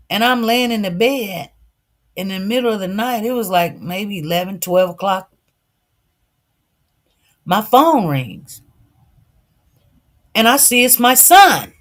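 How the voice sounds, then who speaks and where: A woman commentator talking casually to her livestream viewers, telling a story in an animated way, repeating herself and acting out dialogue. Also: a little high. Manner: addresses viewers directly.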